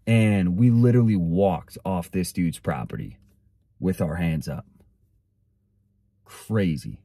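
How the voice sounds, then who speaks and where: A man's voice: low voice, animated, a little slow, dark tone, dry recording. A young man delivering a blunt, slangy motivational monologue and telling a story straight to the viewer. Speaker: motivational content creator.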